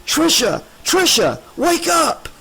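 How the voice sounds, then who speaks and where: A man voicing a calm, caring young boyfriend who speaks in an easygoing, soothing way, a little above his own pitch. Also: moderate pace, husky, rough recording. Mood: urgent.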